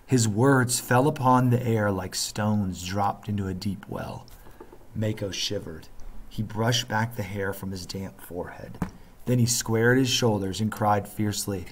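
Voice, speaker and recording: Low-voiced man reading a story to a class. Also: measured pace. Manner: steady narration with thinking-aloud asides. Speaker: teacher reading aloud. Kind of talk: classroom read-aloud.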